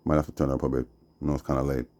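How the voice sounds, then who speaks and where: A man with a Jamaican accent preaching slowly on a live stream, dropping "see?" and "yeah?" between his lines. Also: extremely low pitch, little pitch movement, darkish tone. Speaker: Rastafari livestreamer. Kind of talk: rambling livestream preaching.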